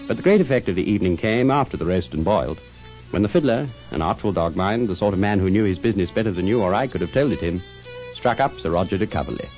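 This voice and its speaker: A man narrating a classic tale in an expressive, dramatic reading style. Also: sits low, fast. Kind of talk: scripted storybook narration. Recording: dull lo-fi recording with faint music.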